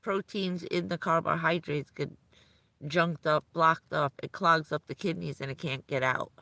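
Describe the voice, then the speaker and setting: A woman's voice: sits low, steady tone, normal speed, vocal fry, sharp tone, no echo. A middle-aged woman chatting on a casual live stream, rambling and laughing often. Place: vehicle at night in the cold.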